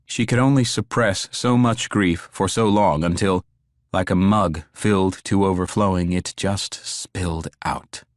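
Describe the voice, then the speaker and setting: A deep-voiced man narrates an audiobook with a measured, even storytelling delivery. Studio quality, no echo.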